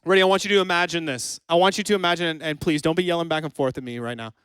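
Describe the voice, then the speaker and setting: A man preaching a lively youth sermon in a church hall, joking with the audience and acting out both sides of a scene. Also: a little high, rapid-fire, clean tone, studio quality. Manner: playful, jokes with the crowd, acts out both sides of a scene. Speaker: youth pastor.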